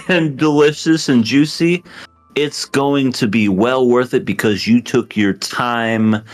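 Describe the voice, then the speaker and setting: A man co-hosting a casual podcast, telling crude, drawn-out stories and laughing often. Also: on the low side. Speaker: podcast co-host.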